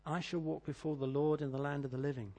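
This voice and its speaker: A middle-aged British man preaching a sermon, reading scripture and telling stories, swinging between loud declaiming and quiet asides. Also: a little high, steady tone, fast. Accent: British English. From Britain.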